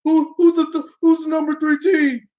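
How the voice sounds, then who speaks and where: A man's voice: extremely high pitch, flat delivery, moderate pace, warm tone, pitched above the performer's own voice. A man voicing a whiny, crying middle-aged male football coach who wails his complaints. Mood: sobbing. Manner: sobbing, wailing complaints.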